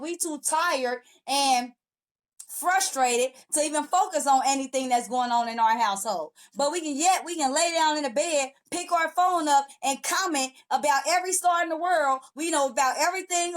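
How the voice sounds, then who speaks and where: A woman hosting her own podcast, talking straight to her audience in a sassy, preachy way. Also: high-pitched. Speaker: podcast host and motivational coach. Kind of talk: casual direct-to-camera podcast intro.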